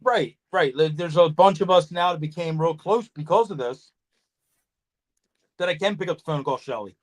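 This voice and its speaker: A man hosting a casual podcast chat, telling animated stories, swearing freely and acting out conversations. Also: on the high side, normal speed. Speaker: podcast host, snake breeder.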